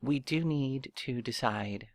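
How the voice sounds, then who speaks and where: Guy rambling thru a 3d modeling tutorial, thinking out loud, um uh restarts, dry close sound. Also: medium pitch, slow, no room sound. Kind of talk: casual screen-recorded software tutorial.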